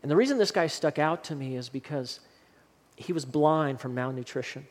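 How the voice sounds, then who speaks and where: A man preaching a sermon as a pastor, speaking earnestly and leading the congregation in a slow, soft closing prayer. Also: fairly high pitch. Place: church sanctuary during a service. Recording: long hall reverb, faint room noise.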